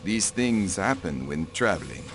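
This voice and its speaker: Game role: an imperious count, lowish voice, curt, protective of his wife. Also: big pitch swings, a little slow, background noise, heavily acted. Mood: haughty. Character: haughty male count, diplomat, cold and protective.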